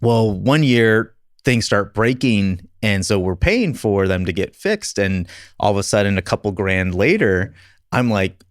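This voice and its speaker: A man with a low voice hosts a relaxed podcast chat. He tells stories and pokes fun at himself, laughing often. The sound is dry and close, with no room echo. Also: moderate pace. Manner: storytelling, self-deprecating, laughs often. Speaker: podcast host. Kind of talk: casual conversation.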